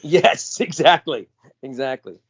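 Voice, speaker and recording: A man's voice: medium pitch, a little slow, husky. An American man and podcast co-host, telling stories in a casual chat and acting out quoted lines. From United States. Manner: animated storyteller, acts out quoted voices. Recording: dull lo-fi audio.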